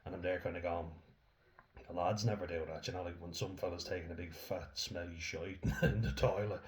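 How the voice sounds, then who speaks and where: A man's voice: sits low, level tone, a little fast. A young Irish man from Dublin ranting casually to camera, blunt, swearing freely and laughing as he rambles.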